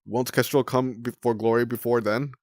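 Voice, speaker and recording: A man's voice: medium pitch, steady tone, normal speed, dry recording, natural voice. Worried little sand dragoness read by a man, slightly raised, dry voice.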